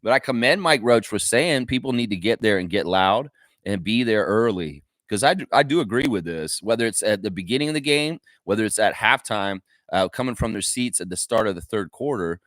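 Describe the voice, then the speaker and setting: A man's voice: fairly low pitch, lively intonation, fairly quick, fairly bright tone, no echo. Opinionated man ranting on a fan show. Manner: rambling, opinionated, frequent restarts and fillers. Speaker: host of a daily basketball fan show. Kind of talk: casual livestream commentary.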